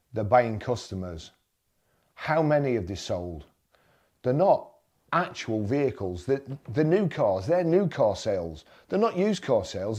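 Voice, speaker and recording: A man's voice: mid-range voice, a little mellow. Blunt man ranting over listings. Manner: exasperated, blunt, repeats himself when riled. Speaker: motoring vlogger. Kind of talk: screen-browsing commentary and rant.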